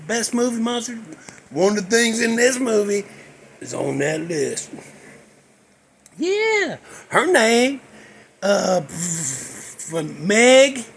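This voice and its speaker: A man hosting his own show, chatting casually and in a rambling way about an old movie, breaking into sudden excited whoops. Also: extremely high pitch, a little hiss or hum. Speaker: host.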